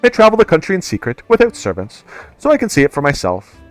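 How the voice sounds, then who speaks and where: A man putting on a smooth young noble heir. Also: a little high, huge pitch swings, fast talker, dry recording, soft background music, voice pushed up. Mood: courteous. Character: young noble male heir, polite, scheming.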